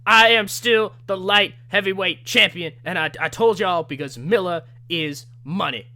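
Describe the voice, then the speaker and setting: A man putting on the voice of a brash, boastful wrestling champion, talking loud and swaggering. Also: high-pitched, a little slow, exaggerated voice. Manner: loud, swaggering trash talk.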